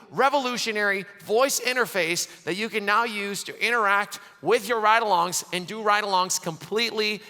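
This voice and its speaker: A man giving energetic closing remarks at a large conference, excitable and quick to laugh. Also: high voice. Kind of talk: conference keynote speech. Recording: long reverb of a large hall.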